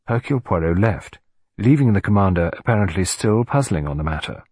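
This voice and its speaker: A man reading a story aloud, his voice slightly husky with lively rises and falls in pitch. The sound is close and dry, with no room around it. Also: brisk, no room sound. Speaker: narrator. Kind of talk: scripted audiobook narration.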